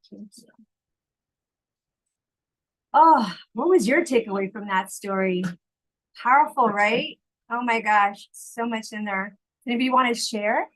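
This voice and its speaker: A woman hosts an online group retreat, effusive and encouraging as she responds to a speaker. Her pitch sits in the middle range for a woman. She is heard over a video call. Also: a bit bright, poor audio. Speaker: retreat host. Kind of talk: facilitating an online group session.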